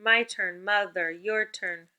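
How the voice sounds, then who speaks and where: A woman teacher leads a remote spelling lesson for young children, with call-and-response prompts. Her voice is bright and her tone is upbeat and encouraging. Her pitch sits in a middle range. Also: steady tone, takes it slowly.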